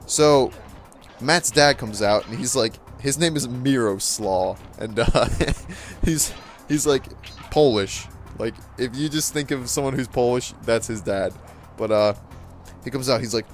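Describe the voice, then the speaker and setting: Over soft background music, a teenage boy who runs a gaming channel tells a funny story during gameplay at normal speed. He's chatty, laughs often, and acts out what others said, his voice sitting in the mid range.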